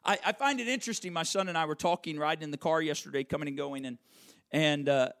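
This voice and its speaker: A pastor with a fairly high voice preaches an animated, conversational sermon. He repeats key phrases and tosses quick asides to the congregation.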